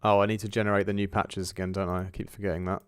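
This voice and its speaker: Livestreaming a music production session, a man thinks aloud in a chatty, self-correcting way, sneezing and coughing now and then and sounding a bit congested. His voice is on the low side with a level tone and a racing pace. Loud electronic music plays under him in a noisy background.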